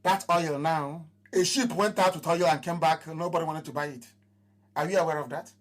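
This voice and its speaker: A man with a Nigerian accent gives an impassioned live address to his followers. He repeats his phrases and swings between raised proclamations and low mutters. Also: normal speed. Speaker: movement leader addressing followers.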